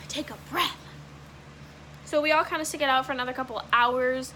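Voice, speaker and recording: A young woman vlogger from Washington state with a high, bright voice tells a long story in a loose, rambling way. She leans on fillers and curses casually. A faint hiss sits under the recording. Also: fairly even intonation, fairly quick. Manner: casual, rambling, heavy use of "like", swearing. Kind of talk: storytime vlog.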